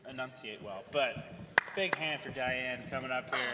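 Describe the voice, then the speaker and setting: A man's voice: medium pitch, normal speed, in a large hall, very noisy. A man running a tongue-twister game at a live event, laughing and easygoing. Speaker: game host.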